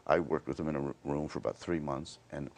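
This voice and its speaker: An older man chatting in an interview, halting and restarting often. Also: a bass voice, steady tone, a little mellow. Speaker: actor interviewed on a talk show. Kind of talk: casual interview chat.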